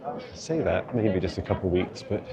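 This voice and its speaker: A low-voiced man speaks in an animated way at a moderate pace, the audio a bit dull and a crowd audible behind him. He's a vlog host on a walking tour, strolling city streets with a handheld phone, rambling chattily and often laughing.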